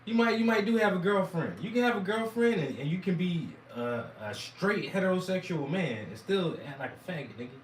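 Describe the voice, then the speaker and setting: Hoarse man ranting crudely. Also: high-pitched, expressive, brisk, few pauses, reverberant, recorded from a distance, a little hiss or hum, rough recording. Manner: rambling, crude, mocking rant. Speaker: commentator reacting to debate clips. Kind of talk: profane reaction commentary.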